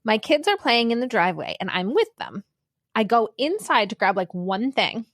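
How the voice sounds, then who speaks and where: A woman in her forties co-hosting a podcast, telling an animated story with frequent laughter in casual chat. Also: on the high side, moderate pace, no echo, studio quality. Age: 40s. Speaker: podcast co-host.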